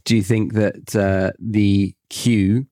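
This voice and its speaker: A man hosting a podcast in easy conversation, friendly and quick to laugh, asking his guest questions. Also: on the low side, level tone, dark tone, no room sound, clean studio sound. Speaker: podcast host. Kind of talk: casual chat.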